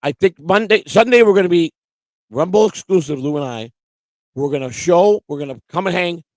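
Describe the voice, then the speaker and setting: A man co-hosting a casual livestream, loud and giddy, repeating himself and laughing a lot. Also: sits high, a little fast, no echo. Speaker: livestream co-host. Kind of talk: rowdy casual livestream chat.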